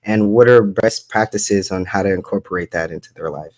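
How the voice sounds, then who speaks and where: A man hosting a podcast interview, calm and asking questions with brief affirmations. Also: low voice, fairly quick. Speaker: podcast host.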